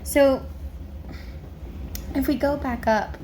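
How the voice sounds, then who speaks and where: A woman's voice: fairly high pitch, moderate pace, long pauses, a little hiss or hum. A woman psychic medium giving a casual, rambling spirit reading on camera, full of fillers. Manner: chatty, rambling, many fillers.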